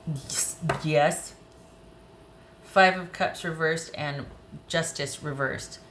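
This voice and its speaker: A woman giving a casual tarot reading to camera, animated and opinionated, speaking straight to the viewer. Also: low-pitched, drawn-out words, a little hiss or hum. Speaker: tarot reader.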